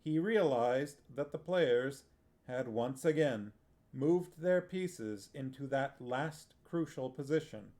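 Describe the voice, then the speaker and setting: A man streaming himself reading a fantasy novel aloud in a steady, unhurried way and adding casual asides. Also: medium pitch. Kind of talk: book narration with chat asides.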